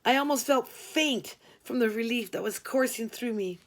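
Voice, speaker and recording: A woman's voice: on the high side, moderate pace. A woman narrating a first-person story in a dry, wry manner. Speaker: audiobook narrator.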